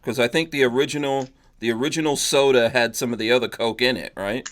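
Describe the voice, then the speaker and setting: A man's voice: medium pitch, fairly even intonation, quick pace. Laughing, easygoing male podcast host. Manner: laughs often, easygoing, reads chat shout-outs. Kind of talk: casual panel chat.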